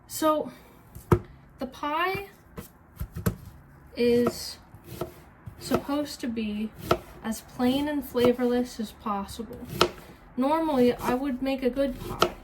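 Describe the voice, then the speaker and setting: A woman's voice: high voice, slow pace, long pauses. A woman vlogger chatting casually while she cooks in a kitchen, rambling, mocking herself and swearing freely. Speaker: streamer and cooking vlogger. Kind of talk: casual cooking vlog chat. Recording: noisy kitchen with chopping sounds.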